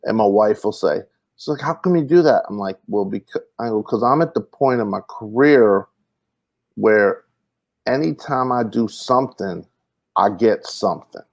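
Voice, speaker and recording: A man's voice: fairly low pitch, moderate pace, creaky. A man telling comedy road stories in casual podcast chat, acting out the people he quotes. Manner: animated storyteller, acts out quotes, many fillers and restarts.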